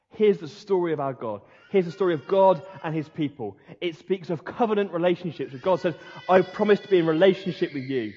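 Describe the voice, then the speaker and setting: Male pastor, earnest conversational sermon, husky tone, echoing church hall. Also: sits high, a little mellow. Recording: dull lo-fi sound in a reverberant hall.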